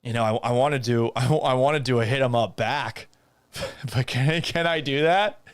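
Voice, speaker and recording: A man's voice: medium pitch, normal speed, clean tone. A man hosting a live sports talk stream, talking casually and reading out viewer comments, exasperated and swearing, and mocking himself. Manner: reads viewer comments aloud.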